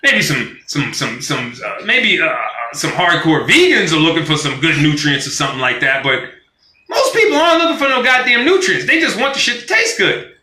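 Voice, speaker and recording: High, bright-voiced man ranting profanely. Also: fairly quick, echoey room. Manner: animated, profane, acts out quoted voices. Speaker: vlogger on a live stream. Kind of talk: casual profane rant.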